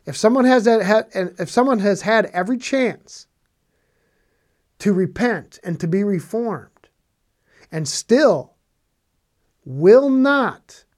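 A Bible teacher preaches on scripture in an expressive, mid-range voice with a darkish tone, taking it slowly with long pauses. The sermon is emphatic and conversational. Repeated phrases hammer points home, and rhetorical questions are put to listeners.

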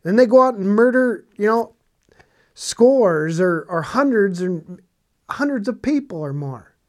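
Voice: mid-range voice, expressive, a little slow. A Bible teacher preaching on scripture in a conversational way, stressing points by repeating phrases and asking rhetorical questions.

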